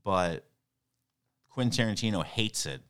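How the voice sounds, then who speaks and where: Male guest, loose rambling talker full of fillers, very deep and resonant. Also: animated, measured pace, a bit bright, clear, resonant tone. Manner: rambling, heavy on "like" and "you know". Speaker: podcast guest. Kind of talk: casual chat.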